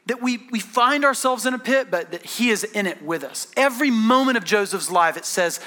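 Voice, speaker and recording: A bright, high-voiced man preaches a sermon with easy, conversational storytelling. He often restarts his sentences. He leans forward into each story. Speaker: pastor.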